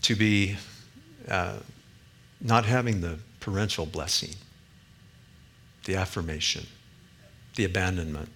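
A man preaching a sermon as a pastor, earnest, rising to emphatic peaks and dropping quiet again. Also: sits low, fairly even intonation, unhurried, long pauses, slight background noise.

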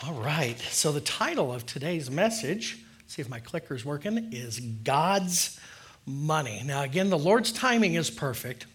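Friendly higher-voiced man preaching. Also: sing-song, unhurried. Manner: friendly, conversational, with filler words. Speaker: lay preacher. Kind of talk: casual sermon. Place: church.

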